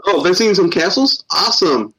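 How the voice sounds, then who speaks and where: A man's voice: high voice, lively intonation, a little fast, pushed and bright, breathy edge. A man calling in to a podcast for a casual chat, teasing in a dry, playful way. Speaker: guest calling in.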